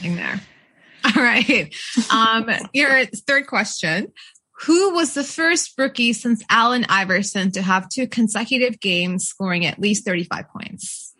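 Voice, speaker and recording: Bright, giggly woman hosting a quiz. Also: on the high side, lively intonation, measured pace. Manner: giggly, teasing quizmaster. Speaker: trivia quiz host. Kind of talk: casual podcast chat.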